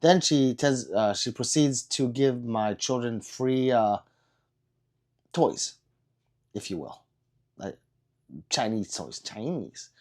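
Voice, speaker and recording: A man's voice: mid-range voice, lively intonation, takes it slowly, long pauses, darkish tone. Rambling man reading chat on a livestream. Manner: rambling, self-deprecating, stumbling restarts. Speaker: livestream host. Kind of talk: casual livestream chat reading viewer comments.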